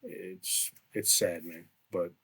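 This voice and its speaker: A man with a very low voice hosts a casual podcast. He talks in a relaxed, chatty way and asks his guest easygoing questions. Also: slow, slightly rough. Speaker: podcast host. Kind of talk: casual interview chat.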